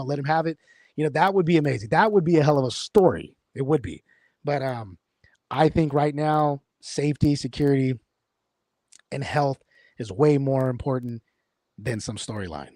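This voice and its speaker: A man's voice: on the high side, darkish tone, dry recording, studio quality. A man hosting a casual sports talk show, rambling with lots of fillers and restarts. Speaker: podcast host.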